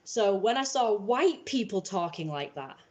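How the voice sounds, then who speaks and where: A woman's voice: mid-range voice, big pitch swings, a little slow. A woman with an English accent chatting casually on a livestream, rambling and filling her talk with "like" and restarts. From England. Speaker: livestream host. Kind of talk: casual live-stream chat.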